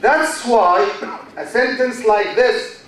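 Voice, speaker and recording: A man's voice: extremely high pitch, expressive, slow, fairly bright tone, slight background noise. A man with an Egyptian accent giving a university lecture in English, drawing out words for emphasis and repeating example sentences. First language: Arabic. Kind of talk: classroom lecture. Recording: echoey hall, mic far off.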